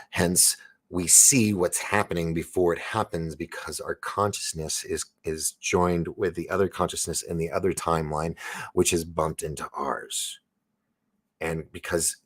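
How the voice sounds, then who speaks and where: Male live-stream host, deep gravelly voice, casual and self-interrupting. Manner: rambling, self-interrupting, laughs often. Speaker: live show host reading chat.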